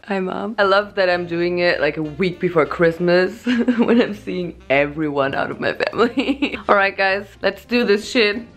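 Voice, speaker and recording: A woman's voice: on the low side, normal speed, hardly any pauses. A young woman talking to a handheld camera in a casual vlog, giggly and self-mocking. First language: German. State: groggy morning voice. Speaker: vlogger.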